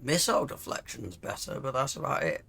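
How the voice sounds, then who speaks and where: A man hosting a casual let's-play, musing aloud over game menus with a throat roughened by coughing. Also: mid-range voice, big pitch swings, brisk, fairly bright tone. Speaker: gaming channel host.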